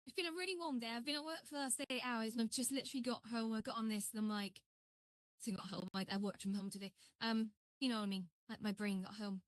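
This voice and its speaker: Woman, high voice, dry close sound, rambling live-stream chat, greets viewers. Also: steady tone, fast, dry recording. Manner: rambling and chatty, greets viewers as she works. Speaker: live streamer building a virtual world.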